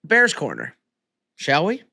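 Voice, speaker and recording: Man, sports podcast co-host, laid-back, swears a lot, lively pitch, dry sound. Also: takes it slowly, vocal fry, no echo. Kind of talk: casual sports chat.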